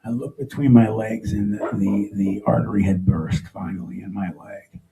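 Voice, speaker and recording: Middle-aged male storyteller at a live talk, with a dark, gravelly tone and a halting, emotional delivery. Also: on the low side, steady tone, a little hiss or hum, poor audio. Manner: emotional, halting, with frequent restarts. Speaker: speaker telling his own story. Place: stage before a live audience.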